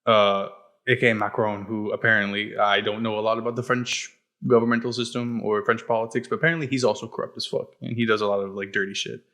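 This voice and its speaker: A man's voice: on the low side, little pitch movement, fast, fairly bright tone. A young man co-hosting a podcast, explaining in a blunt, profane, casual way while hedging often. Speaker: podcast co-host. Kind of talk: casual chat.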